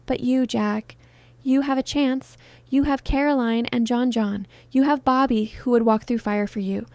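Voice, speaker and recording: A woman voicing a soft, pleading heartbroken star. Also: a little high, steady tone, normal speed, dry recording, close to an everyday voice. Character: heartbroken film star woman in her thirties, tender and pleading. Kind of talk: dramatized story reading.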